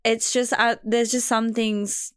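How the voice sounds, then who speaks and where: A woman's voice: fairly high pitch, flat delivery, slow, clear, resonant tone. A young Australian woman co-hosting a podcast, chatting in an upbeat, encouraging and reflective way. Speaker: podcast co-host. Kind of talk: casual chat.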